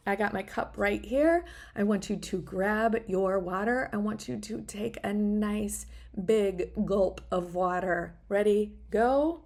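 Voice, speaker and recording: Upbeat woman guiding a quick reset. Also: medium pitch, vocal fry, darkish tone, a little hiss or hum. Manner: upbeat, encouraging, narrates her own actions; frequent "right?" tag questions. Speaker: podcast host. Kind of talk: guided wellness talk.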